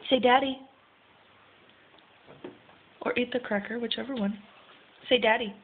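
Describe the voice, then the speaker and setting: A woman's voice: fairly high pitch, fairly even intonation, measured pace, slight background noise. A woman, a mother, playfully and patiently coaxing her toddler to say words, recorded on a phone. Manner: playful, patient, laughing often. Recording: thin phone-like audio.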